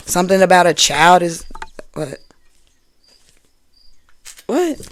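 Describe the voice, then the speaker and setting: A woman's voice: lowish voice, steady tone, unhurried, creaky, pauses often, a little hiss or hum. Chatty woman giving a tarot reading. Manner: loose, chatty, repeats phrases, asks "you hear me?". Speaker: tarot reader. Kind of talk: casual tarot reading for an online audience.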